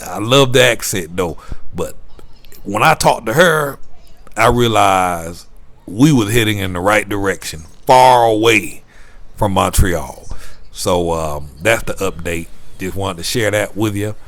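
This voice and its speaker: A man's voice: fairly low pitch, measured pace, fairly bright tone, no room sound. A man giving a casual video update from his phone at night, rambling, restarting and repeating words. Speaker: vlogger. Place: rented room at night.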